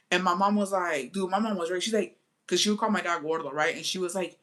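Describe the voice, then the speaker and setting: Talking directly to viewers in a chatty, profane way, a young adult vlogger recounts a family story and moves back and forth between English and Spanish. Their medium-pitched voice is fast, steady, and a bit bright.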